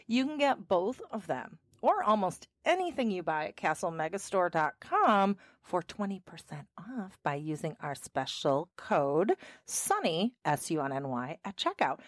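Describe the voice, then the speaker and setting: A woman's voice: fairly low pitch, big pitch swings, measured pace, no room sound, studio quality. An American woman co-hosting a podcast, chatting casually and reading ads with a playful, giggly manner. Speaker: podcast co-host. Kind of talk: casual podcast chat and ad reads.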